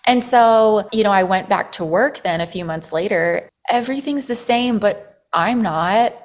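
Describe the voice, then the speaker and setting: A woman appearing as a podcast guest tells a personal story in casual conversation. She speaks at normal speed in a mid-range voice, stays animated, uses "like" as a filler a lot, and swears freely.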